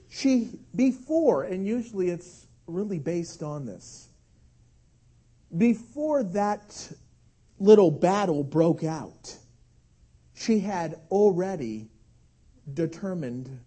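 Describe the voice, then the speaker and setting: Animated husky-voiced male preacher. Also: high-pitched. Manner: animated storytelling, acts out screams and shouts. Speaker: pastor. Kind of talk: sermon.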